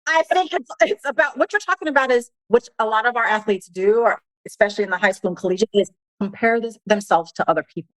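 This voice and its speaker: A woman's voice: a little high, quick pace, low-quality recording. A woman who coaches athletes on mental performance, talking on a podcast in an upbeat, encouraging way. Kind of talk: casual podcast conversation.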